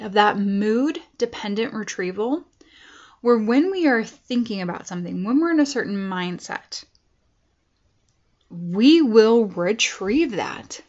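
A woman's voice: a little high, dull audio. A woman life coach giving a casual motivational talk to her viewers, earnest and chatty with tough-love asides.

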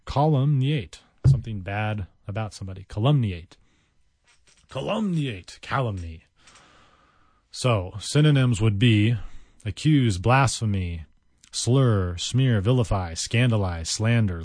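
A man's voice: lowish voice, a little mellow, dry recording, studio quality. A man giving a casual vocabulary lesson, chatty, wandering into tangents and repeating each word several times. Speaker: vocabulary teacher.

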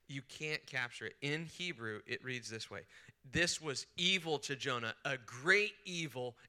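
A man, a pastor, preaching a sermon at a retreat, moving from quiet retelling to animated outbursts as he voices the angry prophet. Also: medium pitch, smooth. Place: retreat session hall.

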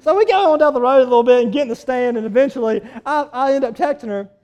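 A man, a pastor telling a story in his sermon, animated and swinging between loud outbursts and quiet asides. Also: very high-pitched, fast.

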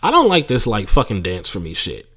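A young man with a lowish voice hosts his own podcast, ranting through stand-up stories with casual swearing. He keeps it loose and conversational, slipping into mocking impressions as he goes. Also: fairly quick. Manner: profane, animated storytelling with mocking impressions. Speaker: podcast host, stand-up comedian. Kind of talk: casual monologue.

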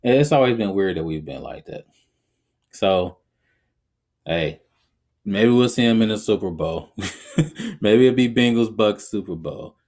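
A man hosting a podcast, giving his opinions in a casual, animated way and often laughing as he talks. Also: lowish voice, a little slow, pauses often. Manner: conversational, reflective. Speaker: podcast host.

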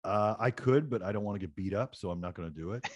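A man's voice: on the low side, quick pace, a little mellow, no room sound. A middle-aged man from Newfoundland, Canada, co-hosting a casual video call chat, laughing often and poking fun at himself. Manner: laughs often, self-mocking. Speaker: co-host.

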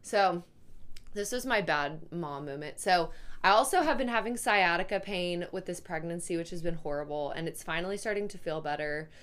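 Young mother rambling, slightly low voice. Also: normal speed, fairly bright tone, clean tone. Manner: rambling, filler-heavy storytelling. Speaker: pregnant mother telling a story. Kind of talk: casual chat.

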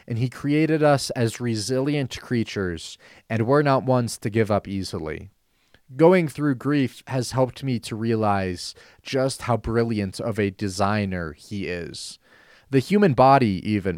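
A man hosting a Christian talk show, speaking earnestly and measured, repeating phrases for emphasis. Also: medium pitch, no room sound, studio quality. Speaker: host.

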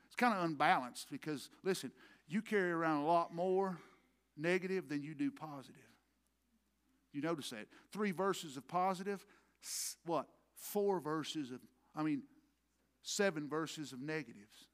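A man preaching a sermon as pastor, swinging from quiet murmurs to loud impassioned peaks. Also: on the high side, measured pace. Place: church sanctuary.

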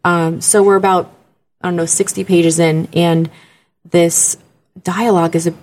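A woman's voice: on the low side, measured pace. A woman who works as a voice actor, chatting casually and playfully as a podcast guest. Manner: animated, playful, laughs often, slips into imitated voices.

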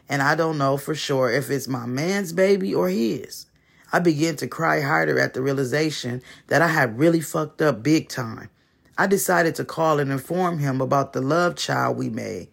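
A man reads a first-person short story in a measured way, using dramatic pauses. His voice sits a little high and has a gravelly fry. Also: a bit bright. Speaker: story reader.

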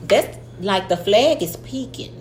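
A woman's voice: medium pitch, animated, unhurried, darkish tone. A woman co-hosting a podcast, giving blunt, slangy advice in casual chat. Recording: echoey room with faint noise.

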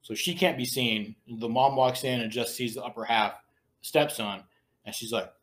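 A man's voice: medium pitch, normal speed, fairly bright tone. A male podcast host in easygoing mid-range chat, telling a story with crude language and frequent laughter. His delivery is loose and conversational. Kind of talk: casual chat, retelling a scene.

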